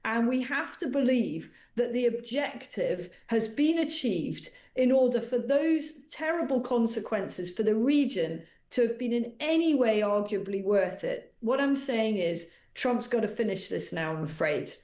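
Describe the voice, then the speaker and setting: A woman's voice: a little high, animated, a little mellow. Assertive female commentator in an echoey studio. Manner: articulate, assertive, measured. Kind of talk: opinionated radio debate.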